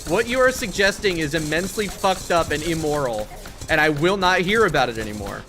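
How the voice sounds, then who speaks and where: A man's voice: on the high side, very animated, a little fast. A man streaming a video game live, talking to chat in a profane, exasperated rant. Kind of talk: live gaming stream commentary.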